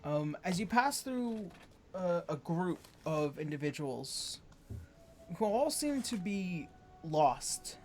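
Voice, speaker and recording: Halting, filler-heavy game master narration. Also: mid-range voice, big pitch swings, slight background noise.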